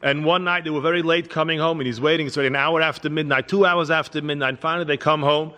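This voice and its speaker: A rabbi giving a Torah lecture, telling parables and weaving in Hebrew terms. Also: male voice, on the high side, fairly even intonation, quick pace, pushed and bright, big-room sound. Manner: storytelling, teaching with parables, Hebrew terms woven in.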